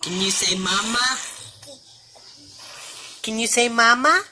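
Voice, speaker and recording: A woman's voice: a little high, takes it slowly, sharp tone, a little hiss or hum. A woman, a parent filming her baby at home, talking to her in a playful, teasing, sing-song voice.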